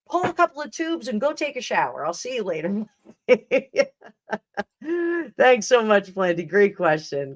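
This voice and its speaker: A woman's voice: medium pitch, fairly bright tone. A woman hosting a live tarot stream, chatting casually and rambling, with frequent laughs and restarts. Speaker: tarot reader and livestream host. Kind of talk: casual livestream chat.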